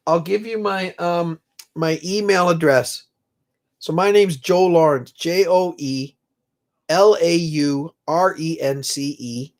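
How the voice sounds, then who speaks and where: Livestream host, middle-aged man, rambling and heartfelt, slightly high voice with an unhurried delivery. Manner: slow, rambling, emotional, prays aloud with viewers. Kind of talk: casual live chat reading comments.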